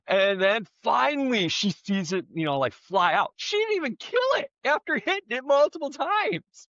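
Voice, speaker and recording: A man's voice: very high voice, sing-song, normal speed, hardly any pauses, a bit bright, dry recording. A man co-hosting a podcast, telling a story in a rambling, profane, casual way. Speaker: podcast co-host. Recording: dull, slightly lo-fi dry sound.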